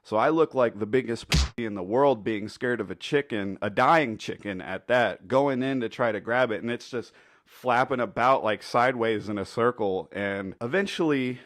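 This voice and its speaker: A man's voice: medium pitch, normal speed, a bit bright, no echo, studio quality. A man telling a funny story in a casual, rambling, foul-mouthed way. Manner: laid-back, profane, rambling. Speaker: storytelling commentator.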